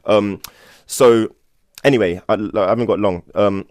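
A man's voice: lowish voice, steady tone, unhurried, a little mellow, no echo, clean studio sound. A man hosting a Buddhist study session, teaching and telling stories in an enthusiastic, rambling way with many restarts. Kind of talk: casual teaching and storytelling.

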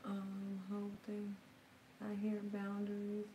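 A woman's voice: medium pitch, monotone, slow, dark tone, slight background noise. Chatty woman on a roomy live stream. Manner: chatty, reads viewer comments aloud and answers them; frank and slangy, swears now and then. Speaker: tarot reader hosting a live stream. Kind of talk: casual live-stream chat. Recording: roomy, distant from the mic, faint ambience.

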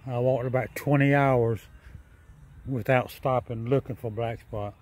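A weary man talks to his camera out in his yard after a night without sleep. His speech is halting and repetitive, and he keeps his voice subdued in a mid-range pitch as he circles back over the same thoughts. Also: fairly even intonation, a little mellow. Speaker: vlogger. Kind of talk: casual vlog monologue.

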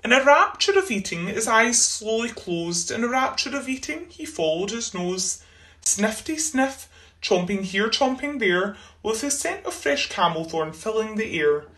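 Expressive woman reading a rhyming storybook. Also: on the high side, measured pace. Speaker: school reader. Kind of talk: storybook read-aloud.

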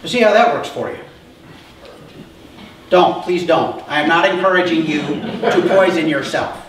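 A man with a high voice preaches a sermon in a relaxed, chatty way, often asking his listeners whether they follow. He is picked up from a distance in a very echoey church hall. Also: moderate pace, slight background noise. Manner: conversational preaching, asks the congregation questions. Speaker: pastor.

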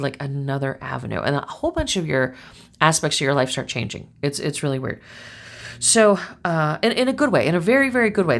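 A woman's voice: deep voice, vocal fry. A woman giving a casual, chatty tarot and astrology reading, rambling through stories with lots of fillers. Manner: chatty, rambling, animated storytelling.

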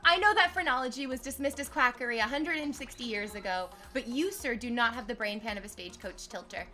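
A woman streaming live while sick, excitedly thanking her chat for donations, gushing, swearing freely and squealing. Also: on the high side, fast.

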